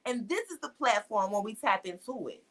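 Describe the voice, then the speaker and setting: A woman's voice: mid-range voice, lively intonation, normal speed, fairly bright tone. A woman hosting a live-streamed talk show, speaking emphatically and repeating her points, switching between casual and more formal ways of talking. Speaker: show host.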